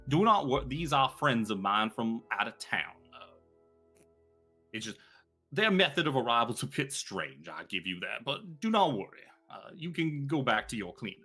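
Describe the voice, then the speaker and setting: A man doing a genteel, chatty gentleman author. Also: mid-range voice, sing-song, moderate pace, breathy edge, faint music behind, heavily acted. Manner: genteel, long-winded, polite formal speech. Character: courtly, flowery male author-adventurer, older gentleman.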